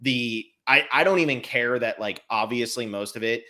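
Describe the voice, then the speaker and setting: Animated man co-hosting a film podcast. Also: mid-range voice, normal speed. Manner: animated, swearing, mocking impressions. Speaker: podcast co-host. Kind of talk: casual chat.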